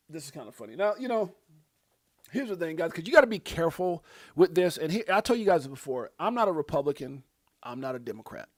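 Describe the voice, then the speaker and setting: Man, middle-aged, livestream host, casual rambling chat, fillers, easy laughter, slightly high pitch. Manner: rambling and chatty with many fillers; laughs easily.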